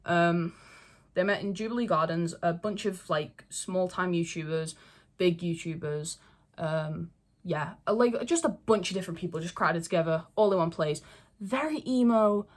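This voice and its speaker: Young woman, casual talk to camera, lots of fillers, sweary, slightly low voice. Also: moderate pace. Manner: rambling, filler-heavy, sweary. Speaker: fandom video creator. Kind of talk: casual chat, talking to camera.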